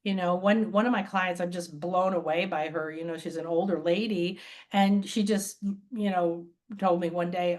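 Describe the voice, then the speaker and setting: A woman's voice: lowish voice, normal speed. A woman spiritual teacher talking casually as an interview guest, telling stories and acting out the voices of the people in them. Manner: animated, acts out quoted voices, laughs often. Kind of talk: casual conversational storytelling. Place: lives by a beach.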